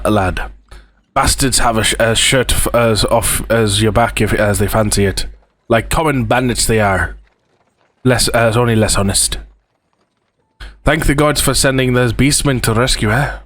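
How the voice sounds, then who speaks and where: A man's voice: mid-range voice, fairly bright tone, close to an everyday voice. A man voicing a chatty, folksy old male peddler, reading game dialogue aloud. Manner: rambling folksy drawl, uneven put-on accent. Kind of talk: let's play voice reading.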